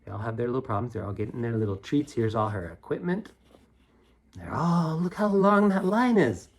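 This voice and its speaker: A man's voice: mid-range voice, expressive, moderate pace. A man reading a picture book aloud to children, with chatty asides and questions to the listener. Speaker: storybook reader.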